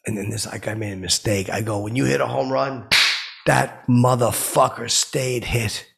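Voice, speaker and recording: A man playing a clueless, brash comic who rambles through stories with loud outbursts when he quotes himself. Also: mid-range voice, fairly even intonation, moderate pace, slight background noise, lightly acted. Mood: rambling. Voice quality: gravelly, husky voice. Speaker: comedy podcast host in character. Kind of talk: rambling comic storytelling monologue.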